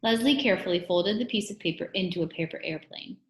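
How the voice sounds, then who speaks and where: A woman's voice: mid-range voice, fast talker. A woman reading a children's chapter book aloud, acting out the characters' lines with expression. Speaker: reader. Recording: roomy echo.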